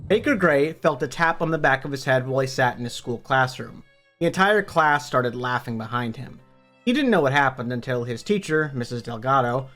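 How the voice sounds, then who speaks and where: Man, slightly high voice, upbeat casual book recap, soft music underneath. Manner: upbeat, conversational, swears casually. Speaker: book review YouTuber. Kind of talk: casual book summary narration.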